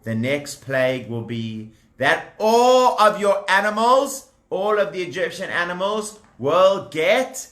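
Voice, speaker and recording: A stern prophet in a children's storybook who delivers a warning with slow, drawn-out emphasis, as a male storyteller puts him on. The voice is bright and high, with an echo from the room. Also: very animated, heavily acted.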